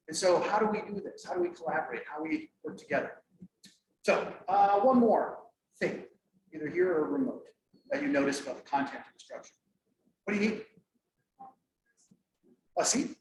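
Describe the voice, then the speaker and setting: A middle-aged man presenting at a conference, lively and joking as he quizzes the audience. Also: on the high side, normal speed, long pauses. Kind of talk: interactive workshop talk. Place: conference room. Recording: echoey room, mic far off, faint noise.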